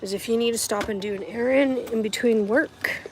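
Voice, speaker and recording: A woman's voice: on the high side, moderate pace, a little hiss or hum, rough recording. A woman vlogging casually as she runs errands between rideshare shifts, talking to herself and to viewers as she goes. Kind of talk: casual vlog narration while running errands.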